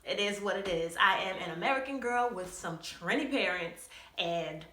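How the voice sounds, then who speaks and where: Young woman from New York, storytime vlogger, bright and chatty; echoey room. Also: medium pitch, normal speed. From New York City. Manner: chatty and animated, full of "like" and "you know". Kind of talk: storytime vlog.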